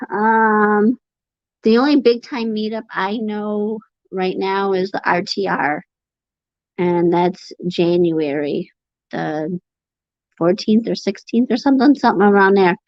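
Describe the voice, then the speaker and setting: A woman chatting on a home livestream in a meandering, halting way, pausing to sigh as she gathers her thoughts. The sound is dull and lo-fi, and it is bone dry, with no room around her voice. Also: on the low side, no echo. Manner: rambling, halting, sighs between thoughts. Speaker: livestream host reading chat. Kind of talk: casual livestream chat.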